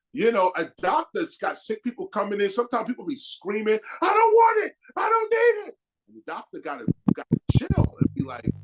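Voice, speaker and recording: Husky, high, wildly animated man preaching. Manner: emphatic, preacherly, slangy, acts out quotes. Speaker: guest speaker. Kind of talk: live motivational talk.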